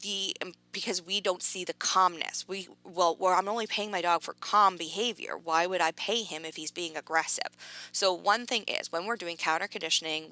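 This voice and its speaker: A woman's voice: on the low side, creaky, sharp tone. A woman dog trainer giving a casual, chatty training lesson, full of fillers and acted-out quotes. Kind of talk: educational talk to camera.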